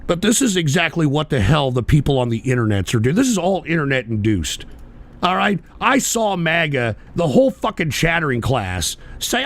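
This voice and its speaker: A man hosting a political talk radio show, ranting angrily and profanely at the listeners, sometimes shouting. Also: fairly high pitch, big pitch swings, normal speed, vocal fry. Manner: mocking voices of people he derides.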